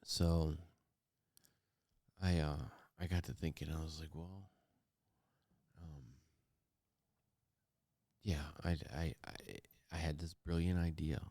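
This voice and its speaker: A middle-aged man telling a personal story on a podcast, halting and earnest, with many fillers and restarts. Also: extremely low pitch, level tone, darkish tone, no room sound, studio quality. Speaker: podcast co-host.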